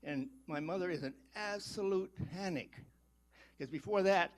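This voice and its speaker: An elderly man in his eighties asking a question from the audience, hesitant and clearing his throat as he works through a long setup. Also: sits high, measured pace, rough recording. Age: 80s. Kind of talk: spoken question from the floor.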